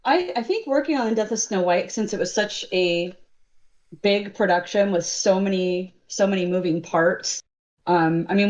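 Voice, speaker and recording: A woman's voice: on the low side, a little mellow. Hesitant woman, slightly muffled. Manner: hesitant, many "um"s and restarts. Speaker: makeup and effects artist guest. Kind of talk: casual interview chat.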